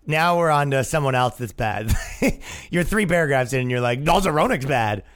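A male comedian and podcast host riffing in a casual comedic monologue, animated and quick to slip into voices. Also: medium pitch, clean tone.

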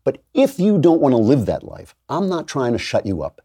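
A man's voice: mid-range voice, normal speed, breathy edge. A man hosting a commentary show, delivering an emphatic monologue with mocking asides. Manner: emphatic, animated, with mocking put-on voices.

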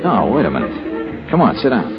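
A man's voice: fairly low pitch, wildly swooping pitch, fast. An actor playing a wisecracking male troubleshooter with a wry manner, in 1940s radio acting style. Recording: dull old radio recording with music.

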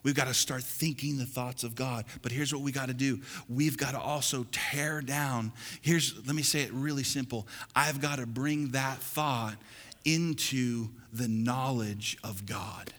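A man's voice: medium pitch, fairly even intonation, moderate pace, hardly any pauses. Preaching man in an echoing hall. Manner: preaching with call-and-response, building to loud exhortation. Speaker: pastor. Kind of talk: sermon. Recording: long hall reverb.

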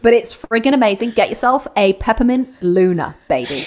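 An English woman in her forties gives strong opinions in a relaxed interview. She talks with lively conviction and drops quick, playful asides. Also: on the high side. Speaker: guest, football TV presenter. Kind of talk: casual interview chat.

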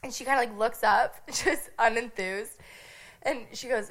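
A young woman from Nebraska telling a lively story on a podcast, laughing often and filling her talk with "like". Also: on the high side, a little slow. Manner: animated, giggly, lots of "like" fillers. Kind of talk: casual storytelling chat.

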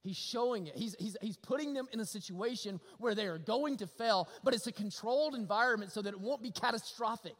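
A pastor preaching a sermon, folksy and animated, with humor and repetition. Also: male voice, high-pitched, a little fast, hardly any pauses. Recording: long hall reverb.

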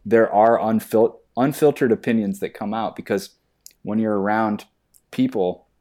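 A man's voice: fairly low pitch, normal speed. A man, an actor, chatting casually and acting out stories in mocking voices. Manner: animated storytelling, acts out exchanges in mocking voices. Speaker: actor on a podcast. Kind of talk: casual chat.

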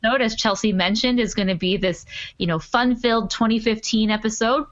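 A woman's voice: a little high, fairly even intonation, brisk, muffled recording. A woman hosting a podcast, chatting casually and upbeat with plenty of fillers. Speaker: podcast host.

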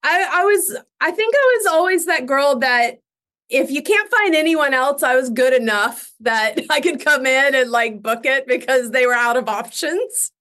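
A young woman chatting as an interview guest, telling animated stories and laughing often. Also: high voice, moderate pace. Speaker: guest actress. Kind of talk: casual interview chat.

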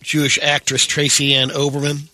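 A man co-hosting a morning radio show, briskly reading out a news item and adding hesitant asides. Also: a little high, completely flat delivery, sharp tone, dry recording. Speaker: radio co-host.

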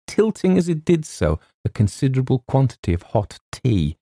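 Brief: male audiobook narrator, low mellow voice, dry close sound. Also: very animated, moderate pace, no room sound. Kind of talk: scripted narration.

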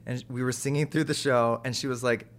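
A man's voice: mid-range voice, steady tone, a little fast. A man from Texas chatting casually in an interview, joking at his own expense and acting out quotes from others. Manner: chatty, self-mocking, full of asides and quoted voices. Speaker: actor and TV host, interview guest. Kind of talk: casual chat.

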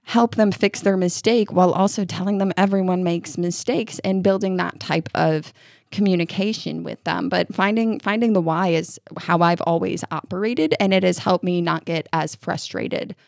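A middle-aged woman co-hosting a parenting podcast, telling stories in casual chat with quick restarts. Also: fairly low pitch, gravelly, no echo, clean studio sound. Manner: expressive storytelling with quick restarts.

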